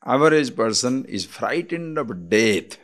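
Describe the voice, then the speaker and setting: Male Indian-accented swami, spiritual discourse, unhurried explanatory delivery, mid pitch, poses rhetorical questions. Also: very animated. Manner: deliberate, explanatory, asks the listeners rhetorical questions.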